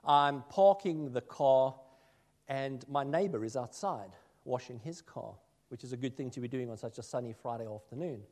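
A man preaching a sermon as a minister, telling self-deprecating stories that swing between loud asides and hushed remarks. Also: mid-range voice, normal speed. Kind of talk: sermon with personal anecdotes.

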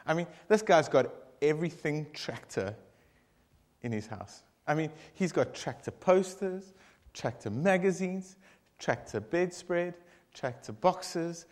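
Rambling, animated man leading a devotion. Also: fairly high pitch. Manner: rambling, animated, with many fillers and asides. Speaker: group devotion leader. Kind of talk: casual joke telling and devotion intro.

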